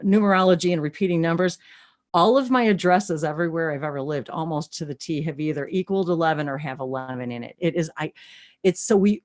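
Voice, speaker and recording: A woman in her sixties, co-hosting a live stream, tells a story in a bubbly, breathless way, laughing often and squealing when thrilled. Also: medium pitch. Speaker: co-host of a live channeling broadcast. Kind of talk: excited storytelling chat. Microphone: webcam on a video stream.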